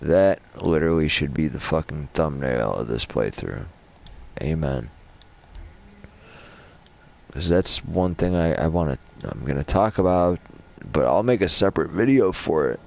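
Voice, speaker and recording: Male gaming host with a deep, low voice, casual and foul-mouthed, rambling through lore commentary. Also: lively intonation, measured pace, creaky, pauses often, a little mellow. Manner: casual, rambling, heavy swearing. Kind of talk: lore commentary over gameplay.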